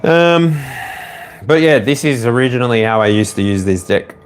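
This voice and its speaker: A man's voice: medium pitch, lively intonation, normal speed, a little hiss or hum. Rambling Australian man reading tarot. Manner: loose and rambling, frequent fillers; direct second-person address to the viewer. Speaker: tarot reader. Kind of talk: casual spoken tarot reading.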